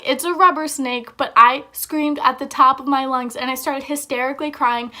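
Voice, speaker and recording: A woman's voice: high-pitched, sharp tone. A young woman vlogger telling a story in a chatty, casual way, with lots of filler words.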